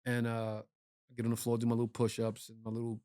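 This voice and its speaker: Fast-talking man telling stories. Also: medium pitch. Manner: animated storyteller, acts out quoted relatives. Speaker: podcast co-host. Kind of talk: casual storytelling chat.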